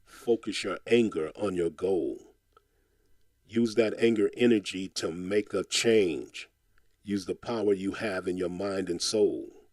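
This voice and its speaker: A man's voice: sits low, slow pace, darkish tone, no echo. A man reciting a spoken-word poem in a rhythmic, insistent, impassioned way, returning again and again to a refrain. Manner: impassioned, exhorting tone.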